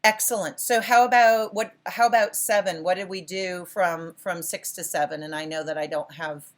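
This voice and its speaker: Speaking at normal speed in a fairly low, steady voice, a woman teaching college philosophy runs an interactive lecture. She offers frequent praise and encouragement, and her sentences often break off and start again as she self-corrects.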